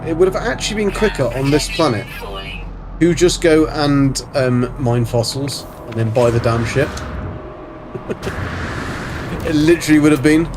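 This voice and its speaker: A man's voice: on the high side, unhurried, pauses often, background noise. A man from Germany hosting a livestream, chatting casually as he plays, rambling and swearing playfully. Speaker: livestream host. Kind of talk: casual gaming commentary.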